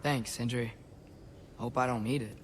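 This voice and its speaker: Atreus, a young actor voicing an earnest teen demigod. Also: male voice, mid-range voice, fairly even intonation, normal speed, slightly rough, close to an everyday voice. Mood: curious. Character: teenage boy, curious and earnest demigod. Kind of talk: video game dialogue.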